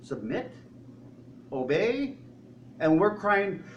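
A man's voice: on the high side, very animated, normal speed, roomy sound, distant mic, slight background noise, rough recording. A man preaching a sermon as a pastor. He asks the congregation questions and acts out quoted voices.

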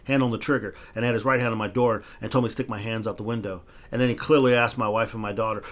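A man's voice: lowish voice, fairly even intonation, fast, few pauses. A man hosting a casual podcast, telling stories in a heated, profane way and restarting his words when he gets worked up. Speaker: podcast host.

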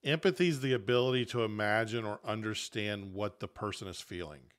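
A man's voice: fairly low pitch, fairly quick. Earnest man explaining on a podcast. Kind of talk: casual podcast discussion.

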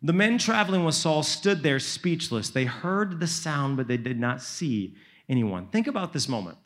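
A man's voice: a little high, sing-song, normal speed, fairly bright tone. A young man preaching to a youth retreat, retelling scripture in a casual, slangy, dramatic way. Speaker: youth speaker. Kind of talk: sermon.

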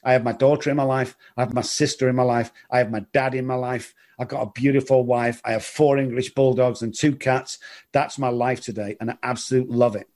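A middle-aged man telling his recovery story in an interview, earnest and halting, often repeating words. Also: mid-range voice, steady tone, darkish tone. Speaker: guest in recovery.

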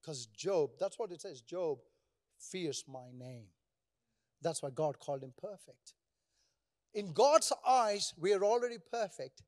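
A man's voice: sits high, a little slow, darkish tone. A male pastor preaching a sermon, asking the congregation rhetorical questions and calling for responses.

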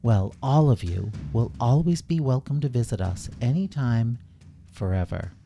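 A man voicing a gentle, gracious queen, high and breathy. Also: expressive, normal speed, slight background noise. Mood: kindly.

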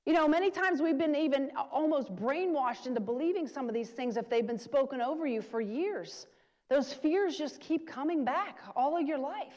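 A woman's voice: sits high, moderate pace, a little mellow. A woman preaching an earnest, encouraging sermon and speaking sample prayers aloud. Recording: long reverb of a large hall.

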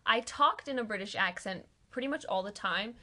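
A woman's voice: mid-range voice, lively intonation, moderate pace, sharp tone. A young woman chatting casually with a friend, rambling with many fillers and frequent laughter. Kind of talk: casual chat between friends.

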